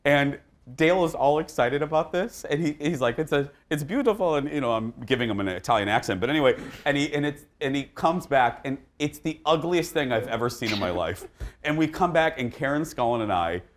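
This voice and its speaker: A man's voice: medium pitch, lively intonation, fairly quick. A middle-aged man hosting a daytime TV talk show, chatting casually in a snarky, joking way.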